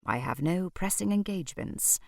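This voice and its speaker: A woman's voice: lowish voice, animated, moderate pace, gravelly, no echo, recorded from a distance. A woman voicing a composed male vampire with a dry, understated way of talking.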